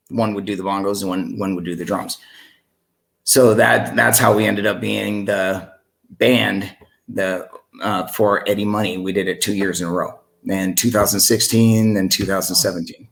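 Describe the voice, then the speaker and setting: A middle-aged man, a singer, telling a story in a casual podcast interview, lively and acting out the voices in it. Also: fairly low pitch, creaky. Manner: animated, acts out the voices in the story he tells. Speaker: singer and sound engineer.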